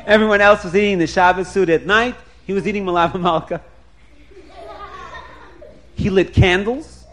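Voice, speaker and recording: High-voiced man telling a chuckling tale. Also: normal speed, slight background noise. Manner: lively, chuckling often, repeats words. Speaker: storyteller. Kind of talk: animated storytelling.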